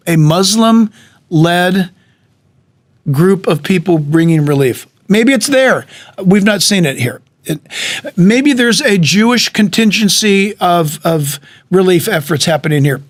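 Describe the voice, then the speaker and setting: Emphatic high-voiced preacher man. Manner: emphatic, animated, with frequent restarts and stammers. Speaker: pastor. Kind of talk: sermon-style exhortation.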